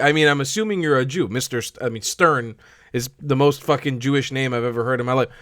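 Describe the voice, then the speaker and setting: A man's voice: medium pitch, fast, a bit bright, no echo, studio quality. Fuming, cursing man reacting. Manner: swearing, angry, repeats himself. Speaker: reaction video host. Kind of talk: heated reaction commentary.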